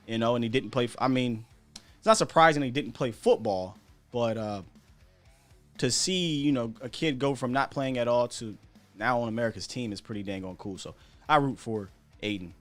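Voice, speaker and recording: A man talks sports in a loose, conversational way, his voice sitting in a middle pitch. He is animated and throws out rhetorical questions. Faint guitar music plays softly behind him. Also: normal speed. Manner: animated, chatty, asks rhetorical questions, laughs at himself. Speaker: sports podcast host. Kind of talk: casual sports commentary.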